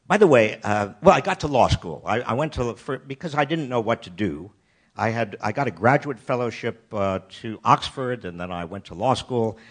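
An older American man telling a personal story in a wry, self-deprecating way, often halting and restarting his sentences. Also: medium pitch. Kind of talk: personal anecdote talk.

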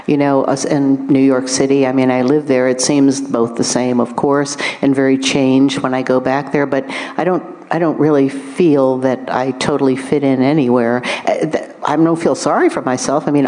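Low-voiced wry woman author. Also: mellow. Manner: wry, thoughtful, self-deprecating. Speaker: author guest. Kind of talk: onstage conversation.

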